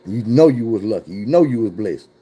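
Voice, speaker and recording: A man voicing a calm, fatherly older rehab counselor who speaks low and earnestly. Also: a little fast, husky.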